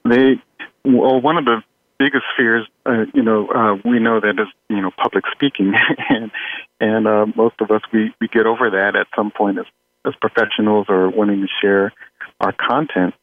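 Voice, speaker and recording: A man guest on an interview, easygoing and full of fillers and soft laughs. His voice sits on the low side. The sound is thin and phone-like, with a very dry room. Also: normal speed, dry recording. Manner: relaxed, chuckling, many fillers. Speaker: audio engineer guest. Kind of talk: conversational interview. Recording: tinny phone-like line.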